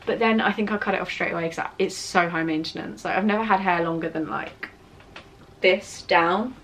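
A woman's voice: lowish voice, normal speed, a bit bright, slight background noise. A young woman with a British accent from England, rambling and teasing herself as she answers viewer questions in a casual vlog. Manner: chatty, self-mocking, rambling. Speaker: vlogger. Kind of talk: casual Q&A chat. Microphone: camera on tripod with ring light.

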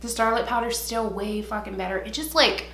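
A woman's voice: fairly high pitch, brisk, fairly bright tone. Young woman, from Ohio, beauty vlogger, casual rambling chat, lots of swearing, echoey room. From Ohio, USA. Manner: chatty, profane, rambling with many fillers. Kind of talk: casual get-ready-with-me chat. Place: home, indoors.

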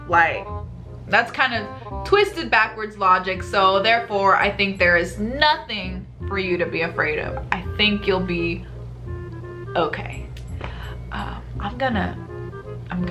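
A young woman in her twenties answering viewer questions in a casual vlog, talking in a blunt, profane and sassy way with lots of rhetorical questions. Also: sharp tone. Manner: rhetorical questions and swings of pitch. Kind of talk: casual chat.

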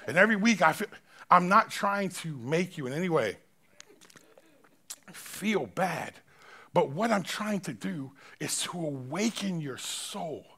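Male pastor, Southern American, fiery but slangy sermon delivery, bright raised voice, drops to a hush at times. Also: creaky, breathy edge. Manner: swings between loud preaching and low, close talk; casual, slangy phrasing. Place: church.

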